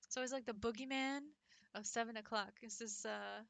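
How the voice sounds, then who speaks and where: Bright-voiced chatty young woman streamer. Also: on the high side, steady tone, normal speed, vocal fry, dry recording. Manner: chatty, laughs often, many likes. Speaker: streamer and French teacher. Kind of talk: casual chat with viewers.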